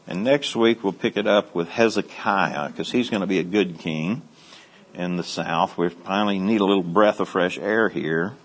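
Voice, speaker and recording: A middle-aged man teaching a Bible study, moving from quiet asides to high, excited storytelling. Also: normal speed.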